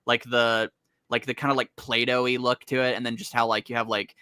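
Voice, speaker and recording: Man, co-host, casual chat, bright edgy tone, dry close sound, rambling fillers. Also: mid-range voice, level tone, a little fast, clean tone, dry recording. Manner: rambling, heavy use of "like" fillers; laughs often. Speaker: comic podcast co-host.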